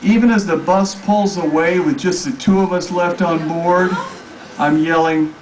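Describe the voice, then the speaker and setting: A man reading his own story aloud at a live public event, telling it in a deadpan way. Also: fairly high pitch, unhurried. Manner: deadpan storytelling, crowd laughing along. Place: live reading venue with audience. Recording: distant mic with loud crowd and noise.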